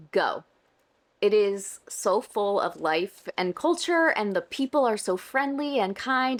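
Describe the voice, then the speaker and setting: A woman hosting a casual commentary vlog about book news, chatty and wry, her throat slightly scratchy. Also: mid-range voice. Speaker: booktube commentary host.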